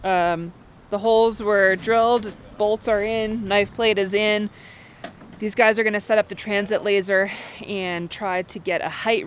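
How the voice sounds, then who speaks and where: A woman's voice: medium pitch, slight background noise. A chatty woman talking casually for a vlog outdoors on a building site, picked up by the camera mic. She laughs easily and keeps a light, joking tone. Faint outdoor ambience sits behind her. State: pregnant. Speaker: vlogger.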